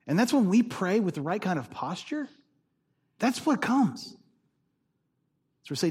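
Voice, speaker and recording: A man's voice: sits high, sing-song, measured pace, pauses often, darkish tone, slightly rough. A man preaching a sermon as pastor, conversational and jokey with emphatic stresses.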